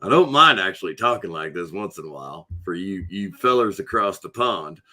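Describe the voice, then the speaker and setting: A man's voice: low voice, expressive, pushed and bright, voice pushed down, exaggerated voice. A man putting on a drawling Southern American voice, playing up the accent for fun. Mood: playful. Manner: slow drawl put on for fun.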